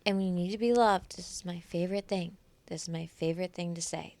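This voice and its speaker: A woman's voice: fairly low pitch, steady tone, a little fast, a little mellow, no room sound. A woman co-hosting a casual podcast chat, speaking emphatically and repeating her points, swearing freely and sounding tired. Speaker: podcast co-host and healing-session facilitator.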